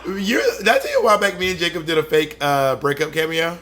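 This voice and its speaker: Podcast guy teasing his cohost, bright sharp voice, kinda high. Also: animated, quick pace. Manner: teasing and playful, gives advice. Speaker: podcast co-host. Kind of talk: casual chat.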